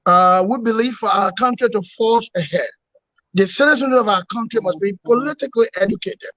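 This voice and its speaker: Emphatic man, high voice. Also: a little fast, fairly bright tone, dry recording. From Liberia. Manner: emphatic, repetitive oratory with rhetorical questions. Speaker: opposition movement leader, guest. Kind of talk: political interview. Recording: dull, dry lo-fi sound.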